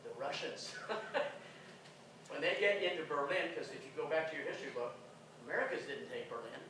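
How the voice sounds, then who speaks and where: A man's voice: on the high side, moderate pace, bright, forceful tone, slight background noise. A man giving an emphatic conference lecture, firing rhetorical questions at the audience. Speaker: conference speaker. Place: conference hall. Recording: echoey hall, distant mic.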